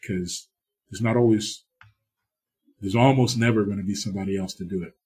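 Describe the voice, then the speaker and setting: A man's voice: fairly low pitch, steady tone, brisk, a little mellow, husky. A middle-aged TV producer from the US East Coast, telling blunt, profane stories in a casual interview and acting out the exchanges he quotes.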